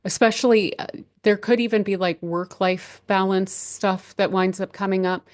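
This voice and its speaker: A woman hosting a horoscope channel, talking through the month's signs in a casual, rambling way with many restarts and gentle advice. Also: medium pitch, level tone, normal speed. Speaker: astrology channel host.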